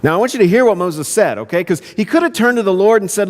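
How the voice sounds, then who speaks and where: A man's voice: sits high, expressive, fast, few pauses, long reverb tail. A man pastor preaching a sermon in an earnest, conversational way. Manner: conversational, earnest, self-interrupting.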